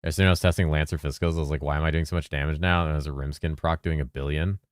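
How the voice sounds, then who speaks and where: A man with a very low voice chats casually on a game stream, rambling and cursing as he goes. He mumbles some words, and the sound is close and dry with no room echo. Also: fairly even intonation, very fast. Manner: loose and rambling, swears freely, mumbles at times. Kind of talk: casual live-stream chat.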